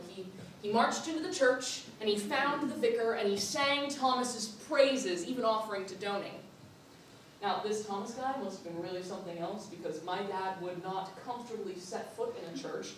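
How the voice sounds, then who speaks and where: A woman's voice: mid-range voice, background noise. Young woman telling a story in a hall. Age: young adult. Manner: playful, animated, laughs often. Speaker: student performer. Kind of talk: theatrical storytelling monologue. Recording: echoey hall from far off.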